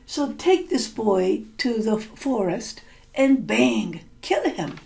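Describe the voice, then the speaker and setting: A woman storyteller voicing a stern, angry father who is a count, scolding his son slowly and with emphasis. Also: high-pitched, expressive, creaky, a little mellow, exaggerated voice.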